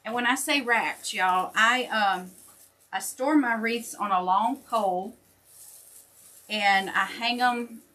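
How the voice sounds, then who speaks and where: A woman's voice: fairly high pitch, slow pace, sharp tone. Chatty grandmother crafting on stream. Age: older. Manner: chatty and folksy, greets viewers by name. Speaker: wreath maker and shop host. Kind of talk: casual livestream chat while crafting.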